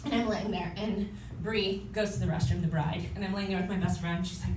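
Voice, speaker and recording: A woman's voice: medium pitch, steady tone, a little fast, a little mellow. A woman in her twenties telling a stand-up comedy story to a club audience, chatty and laughing between lines. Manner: chatty storytelling with frequent laughs and acted quotes. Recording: roomy club sound, distant mic, audience noise. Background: audience murmur and laughter.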